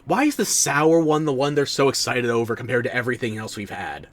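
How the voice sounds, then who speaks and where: A man's voice: mid-range voice, expressive, fairly quick, no room sound. Drowsy sarcastic man streaming a game. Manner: sleepy, sarcastic asides to the game. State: tired and yawning. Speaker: streamer playing a video game. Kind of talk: casual let's-play commentary.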